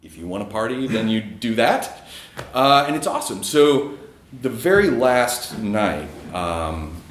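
A man's voice: fairly low pitch, very animated, measured pace, echoey room. A man telling a personal story in a casual, rambling way, with fillers and chuckles. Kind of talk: live storytelling.

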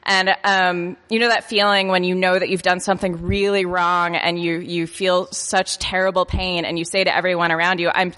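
Woman storyteller, sharp bright voice, self-mocking and tripping over words, recorded in a reverberant hall. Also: on the low side, flat delivery, normal speed, hardly any pauses. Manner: self-deprecating, stumbles over words and laughs through the telling. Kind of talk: personal anecdote told to an audience.

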